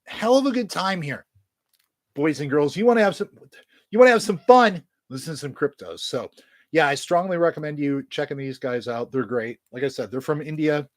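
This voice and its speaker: A man's voice: on the high side, lively intonation, normal speed, dry recording. Crude, joking man with a raised voice. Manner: crude, joking and profane, rambling with frequent fillers; enthusiastic and self-mocking. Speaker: music collector reviewing his new albums. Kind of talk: casual unscripted vlog.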